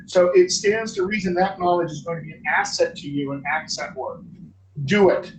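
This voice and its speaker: A man's voice: on the high side, moderate pace. A man hosting a live online Q&A as a dialect coach, answering viewer questions in an upbeat, joking, encouraging way. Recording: echoey room with background noise.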